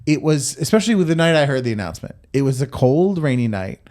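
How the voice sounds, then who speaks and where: A man's voice: medium pitch, sing-song, fast, a little mellow. A man hosting a comedy podcast, chatting casually with restarts and tangents. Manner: rambling, trailing off into restarts. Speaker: podcast host.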